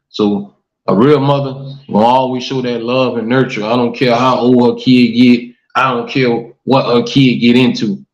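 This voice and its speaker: A man hosting a casual livestream talk show, reading comments and preaching earnestly to his viewers, often saying "man" and "y'all". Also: medium pitch. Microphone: livestream mic. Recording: echoey room, dull lo-fi stream audio.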